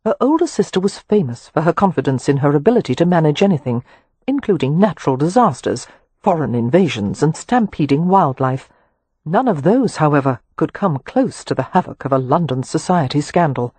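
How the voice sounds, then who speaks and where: A woman with a husky voice giving a measured, expressive audiobook narration of a historical romance. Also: low voice, dry recording. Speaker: audiobook reader.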